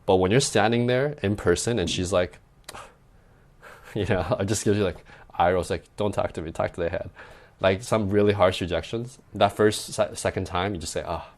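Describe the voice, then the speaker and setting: On a podcast, a young adult man who coaches dating offers casual advice in a voice on the low side at normal speed. He keeps it loose and conversational, with frequent "like" and "right?" tags.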